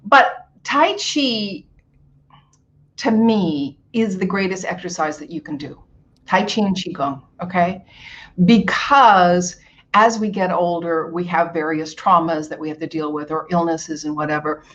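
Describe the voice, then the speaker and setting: An older woman from Hawaii, a guest actor telling stories in a casual interview, animated and acting out what people said, laughing often. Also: on the low side, unhurried, muffled recording.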